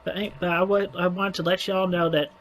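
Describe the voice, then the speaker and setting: A man talking haltingly to camera, with frequent stumbles and restarts. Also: high-pitched, flat delivery, fairly bright tone, low-quality recording. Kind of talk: video monologue.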